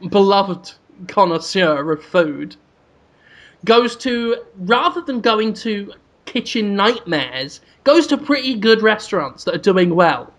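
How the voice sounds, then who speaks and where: A man hosting a podcast, rambling through an absurd comic pitch with amused energy. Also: expressive, takes it slowly, fairly bright tone. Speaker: podcast host. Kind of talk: comedic storytelling.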